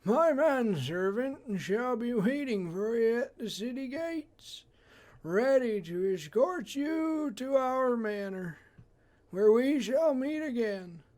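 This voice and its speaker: A man's voice: extremely high pitch, animated, takes it slowly, darkish tone, pitched above the performer's own voice, exaggerated voice. A man voicing a formal male noble knight in a game, giving him an old man voice with a stately, formal delivery. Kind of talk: voice acting a game character.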